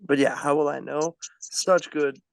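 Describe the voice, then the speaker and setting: Gravelly guy hyping things up on a podcast, dry mic. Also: fairly high pitch, little pitch movement, a little slow, no room sound. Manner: upbeat, enthusiastic, gushing. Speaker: podcast co-host. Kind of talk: casual podcast chat.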